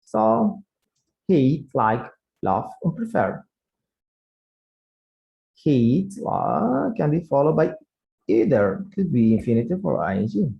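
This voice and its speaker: A man teaching an English grammar lesson online, unhurried and checking in with students with frequent "yeah?" tags, in second-language English. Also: medium pitch, huge pitch swings, gravelly, highs cut off.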